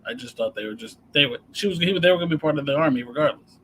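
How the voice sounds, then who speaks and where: A man co-hosting a podcast, chatting casually about a TV show in a relaxed, halting way. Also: a little high, slight background noise, low-quality recording. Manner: relaxed, halting, restarts his sentences. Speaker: podcast co-host.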